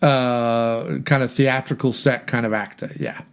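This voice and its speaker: A man's voice: medium pitch, fairly even intonation, measured pace, creaky, smooth. A man chatting casually about a film, digressive and laughing at his own jokes. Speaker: podcast film discussion guest.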